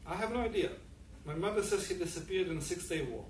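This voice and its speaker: A man reading aloud the lines of a mysterious male stranger, calm and wry. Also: sits high, quick pace, close to an everyday voice. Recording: echoey room, distant mic, faint noise.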